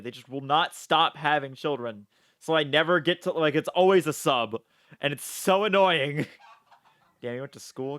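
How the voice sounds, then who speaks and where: A young man chatting through a live game stream, loose and excitable, swearing freely and laughing between lines. He reads game text and viewer messages aloud in an everyday mid-range voice. The desk mic sounds close and dry. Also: medium pitch, clean tone, dry recording. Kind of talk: casual live-stream commentary.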